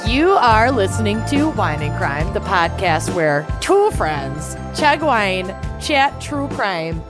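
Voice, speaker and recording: A woman's voice: mid-range voice, big pitch swings, slow, over music. A woman co-hosting a podcast in casual, playful chat. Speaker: podcast co-host.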